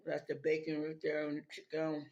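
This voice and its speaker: A man's voice: a little high, monotone, a little fast, darkish tone, highs cut off, slight background noise. Man mumbling through a mukbang. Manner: talks with mouth full, lots of mm sounds. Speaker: mukbang host. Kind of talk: casual chat while eating.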